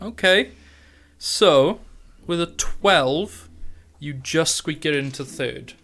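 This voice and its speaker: Bright-voiced laughing game master. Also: male voice, on the high side, takes it slowly. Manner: chatty, laughs often, loose storytelling. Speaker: dungeon master. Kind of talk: narrating a tabletop game, casual.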